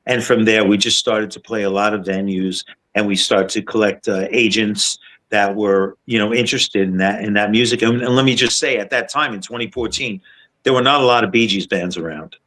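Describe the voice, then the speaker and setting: Brief: deep-toned male guest, easygoing rambling storyteller, podcast chat. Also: brisk, poor audio. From Long Island, New York. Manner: relaxed, rambling with restarts. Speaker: guest musician. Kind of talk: casual interview storytelling.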